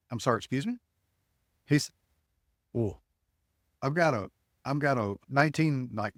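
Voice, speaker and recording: A man's voice: mid-range voice, dry recording, studio quality. A middle-aged man from Alabama, a podcast guest telling anecdotes with lots of restarts and acted-out dialogue. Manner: animated storyteller, acts out dialogue, frequent restarts. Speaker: guest, ticket broker. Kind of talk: storytelling in a podcast interview.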